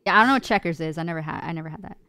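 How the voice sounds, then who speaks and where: Woman, co-host, blunt, outspoken, low smooth voice, dry sound. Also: rapid-fire, bright, forceful tone, no room sound. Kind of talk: casual panel chat.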